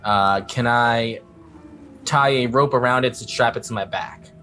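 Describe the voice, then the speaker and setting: A man's voice: mid-range voice, unhurried, sharp tone, faint music behind. A man playing a tabletop game, asking tentative questions about his turn. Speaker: player. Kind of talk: casual tabletop game chat.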